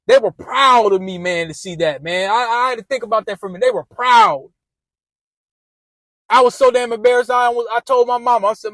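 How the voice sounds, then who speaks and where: A man's voice: extremely high pitch, lively intonation, normal speed, no room sound, poor audio. A man casually telling a rambling, profane personal story with lots of restarts.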